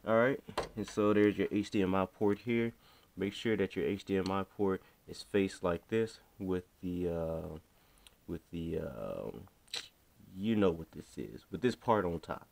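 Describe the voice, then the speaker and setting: A man's voice: sits low, unhurried, creaky, a little mellow, slight background noise. A man casually talking through a hands-on repair tutorial, slangy and chatty, talking to himself as he works. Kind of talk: casual how-to narration while working.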